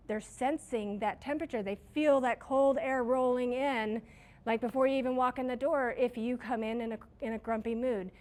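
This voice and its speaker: A middle-aged woman who manages a restaurant, giving her staff a casual, story-filled training talk on leadership. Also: fairly high pitch. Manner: casual, chatty, self-deprecating with stories.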